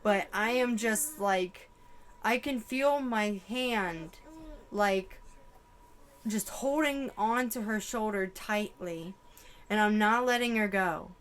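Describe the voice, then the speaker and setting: A woman's voice: mid-range voice, slow pace, fairly bright tone. A young woman giving an emotional channeled psychic reading, full of exclamations and swearing. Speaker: tarot reader.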